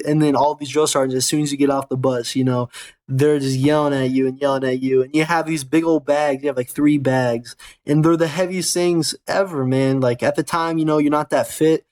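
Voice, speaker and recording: Young American male host, casual profane storyteller, slightly higher voice. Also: darkish tone. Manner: rambling, profane, self-correcting. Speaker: gaming channel host and soldier.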